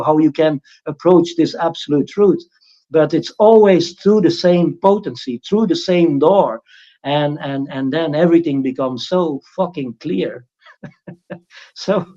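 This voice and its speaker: Man, loose spiritual talk, rambling restarts, slightly high voice, dull lo-fi sound. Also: warm tone. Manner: rambling, frequent restarts, mocking impressions of critics. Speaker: spiritual teacher. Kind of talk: informal spiritual talk on a livestream.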